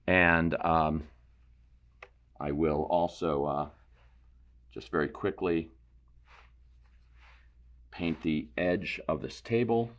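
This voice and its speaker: A man teaching a painting demonstration, explaining terms in a relaxed way and thinking aloud as he works. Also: very deep voice, slow, long pauses. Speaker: painting instructor.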